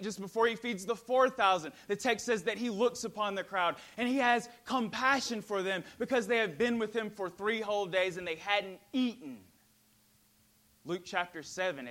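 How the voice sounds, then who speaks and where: Male preacher giving a sermon, pretty high voice, goes from loud emphatic to almost whispering. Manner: dramatic, swinging between ringing emphasis and hushed near-whisper.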